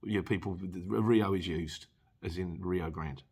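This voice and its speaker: A man's voice: low-pitched, a little slow, darkish tone, slightly rough. A middle-aged man, hosting a casual Q&A and chatting jokily through viewer comments. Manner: chatty and jokey, chuckles often. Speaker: channel host answering viewer questions.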